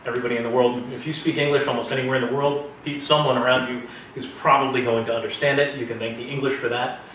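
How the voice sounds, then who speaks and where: A man's voice: medium pitch, fairly even intonation, quick pace, a bit bright, slight background noise. Man lecturing in an echoey classroom. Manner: chatty, digressive, joking asides. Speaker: Bible teacher. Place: classroom with a live audience. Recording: echoey room, distant, dull sound.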